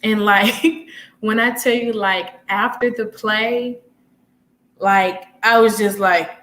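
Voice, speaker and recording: Speaking slowly in a medium-pitched voice, a twenties-aged woman guests on a talk show for some casual chat. She tells animated stories, voicing other people's quotes and laughing a lot, though the recording quality is rough.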